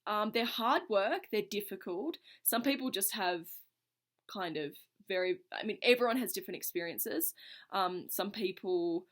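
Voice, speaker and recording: A woman's voice: medium pitch, normal speed. Earnest woman recounting a personal experience. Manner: reflective, earnest, speaks in loose run-on phrases with frequent "like". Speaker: vlogger. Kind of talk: casual personal storytelling to camera.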